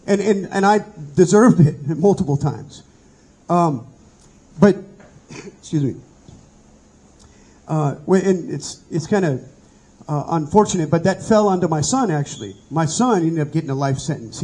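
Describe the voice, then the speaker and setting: High, husky middle-aged man teaching. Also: warm tone, low-quality recording. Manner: earnest, conversational storytelling. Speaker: Bible study teacher. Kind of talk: personal testimony in a teaching.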